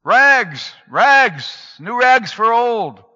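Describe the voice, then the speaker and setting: A man voicing a gentle, hushed ragman. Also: mid-range voice, moderate pace, lightly acted. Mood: calling out. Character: gentle mysterious male ragman, quiet authority. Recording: dull lo-fi recording in a reverberant hall.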